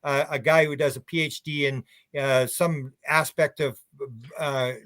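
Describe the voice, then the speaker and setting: Male guest, higher-pitched man, rambling anecdotal talker. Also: steady tone, measured pace, a bit bright. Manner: rambling, anecdotal, many restarts. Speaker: UFO researcher guest. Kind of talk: casual radio interview chat.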